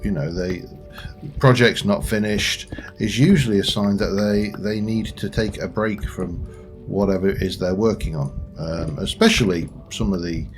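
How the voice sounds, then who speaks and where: With a fairly low pitch and an expressive delivery at normal speed, a gaming channel host rambles casually through his let's play commentary. He speaks directly to the in-game creatures as he plays, and faint background music can be heard.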